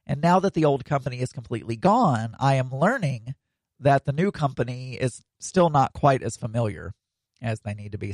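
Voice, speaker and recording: A man's voice: medium pitch, darkish tone, no echo. A man hosting a casual solo podcast, rambling with plenty of fillers and restarts.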